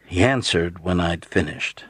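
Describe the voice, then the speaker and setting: Low, husky male audiobook narrator. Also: a little slow, a bit bright, dry recording, studio quality. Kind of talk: first-person audiobook narration.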